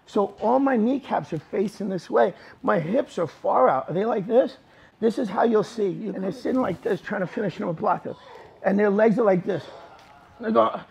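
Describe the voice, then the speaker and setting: A man coaches a jiu-jitsu class, walking students through moves as he shows them in an informal, emphatic way. His voice sits high and carries a husky, gravelly texture. He sounds like he is in a training gym. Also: a little mellow. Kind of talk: live class instruction.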